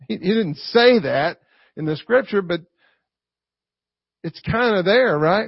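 A man's voice: high voice, expressive, measured pace, vocal fry, long pauses, slightly rough, dry recording, dull audio. A man preaching a conversational sermon in a folksy way, often checking in with a rhetorical "right?". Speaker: pastor.

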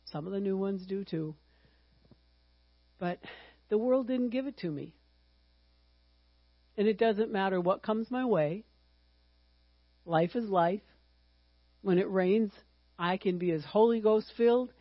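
A woman in her sixties teaching a Bible lesson in a chatty, humorous way, sometimes breaking into excited exclamations. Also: mid-range voice, a little slow, pauses often, no room sound, highs cut off. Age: 60s.

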